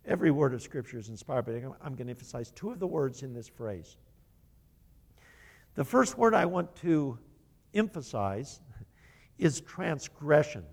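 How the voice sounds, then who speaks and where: A man preaching a sermon as pastor, emphatic and deliberate, repeating key phrases to drive them home. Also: medium pitch, very animated, gravelly, a little mellow, husky, in a large hall.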